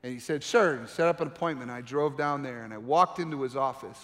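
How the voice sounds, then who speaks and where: A man's voice: medium pitch, fast talker, fairly bright tone. A middle-aged man preaching a sermon, telling a personal story and building to impassioned pleading. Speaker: pastor. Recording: reverberant hall with faint music.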